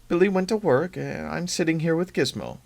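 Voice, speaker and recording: A man reading aloud, voicing a gentle, worried mother who speaks softly, sometimes in a whisper. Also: fairly high pitch, wildly swooping pitch, fairly quick, gravelly, pitched above the performer's own voice, heavily acted.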